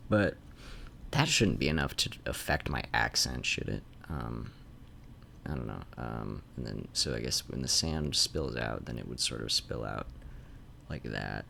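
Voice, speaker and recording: A man's voice: very deep voice, animated, a little slow, gravelly, pushed and bright, slight background noise. A man streaming while he sketches, thinking aloud, trailing off and restarting, with a faint Canadian-like North Idaho accent. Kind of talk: rambling drawing stream. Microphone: desk mic.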